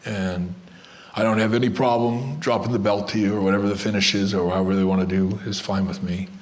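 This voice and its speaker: A man's voice: on the low side, fairly even intonation, brisk. Blunt older man telling stories. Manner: blunt, rambling, restarts and asides. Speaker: guest wrestler telling stories. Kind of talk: live storytelling to fans. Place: event room with a live crowd.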